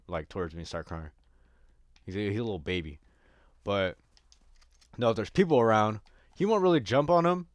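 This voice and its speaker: A man's voice: on the low side, dry recording. A man giving casual gameplay commentary, rambling and joking crudely with a lot of swearing. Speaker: gaming streamer.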